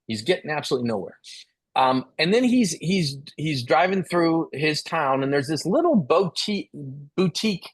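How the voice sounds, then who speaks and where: A man's voice: on the high side, moderate pace, slightly rough. A middle-aged man speaking as the expert at a business talk, telling a story and acting out the dialogue. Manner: animated, acts out dialogue.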